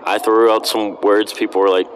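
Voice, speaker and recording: Deep-voiced joking young man with a Pittsburgh accent. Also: level tone, normal speed, slight background noise. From Pittsburgh, Pennsylvania. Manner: joking, blunt. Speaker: podcast guest. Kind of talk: casual chat.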